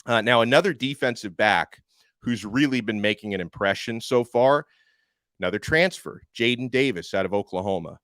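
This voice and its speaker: A man's voice: mid-range voice, expressive, normal speed, a bit bright, no echo, clean studio sound. A man hosting a sports podcast, giving upbeat, conversational analysis with self-deprecating asides.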